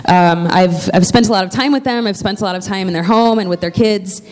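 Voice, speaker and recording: Woman pastor, church announcements, chatty, heartfelt, lots of ums and restarts, mid-pitched voice. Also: brisk, darkish tone.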